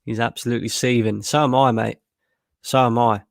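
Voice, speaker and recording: A man's voice: mid-range voice, steady tone, fairly quick, gravelly, no room sound, clean studio sound. A man streaming a live match watchalong, tired after a long work shift and bluntly frustrated, swearing freely. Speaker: fan channel streamer.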